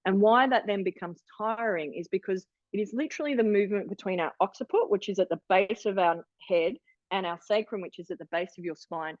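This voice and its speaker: A woman in her forties briskly leads an online wellness workshop over video call in a medium-pitched voice. Chatty and encouraging, she restarts frequently. The recording sounds dry and dull.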